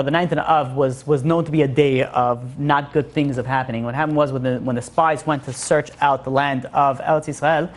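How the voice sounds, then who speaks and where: A male rabbi giving an informal class, earnest and repeating his phrases for emphasis. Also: on the high side.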